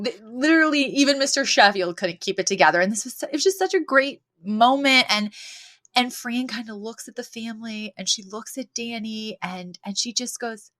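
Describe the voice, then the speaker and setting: A woman's voice: a little high, a bit bright. A young woman co-hosting a podcast, chatting casually, laughing easily and retelling scenes with quoted lines. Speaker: podcast co-host. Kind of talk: casual chat recapping a sitcom episode.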